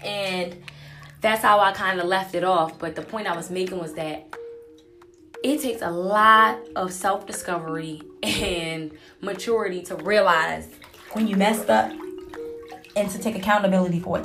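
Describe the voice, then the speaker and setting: A woman hosting a talk show, chatting candidly as she recounts a story, her pitch sitting in the middle range for a woman. She talks in a loose, conversational way and fills her sentences with casual fillers. Faint music plays behind her. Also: moderate pace, fairly bright tone.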